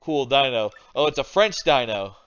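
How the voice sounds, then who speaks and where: A man's voice: medium pitch, expressive, normal speed, a bit bright, smooth, lo-fi sound, faint music behind. Chatty man streaming games at his desk. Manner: rambling and chatty, thinks aloud, swears casually. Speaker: streamer playing video games. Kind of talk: casual live-stream commentary. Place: home desk. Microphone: desk microphone.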